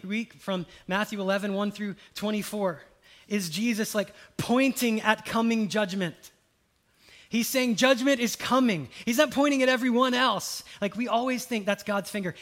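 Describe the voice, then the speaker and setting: Male preacher, higher-pitched, lively sermon delivery with big swings in volume. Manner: animated, swings from loud exclamations to hushed quotes.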